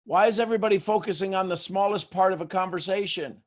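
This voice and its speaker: A man hosting a motivational talk, firing rhetorical questions at listeners and swinging between hushed asides and loud bursts. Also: high-pitched, fast talker. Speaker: host.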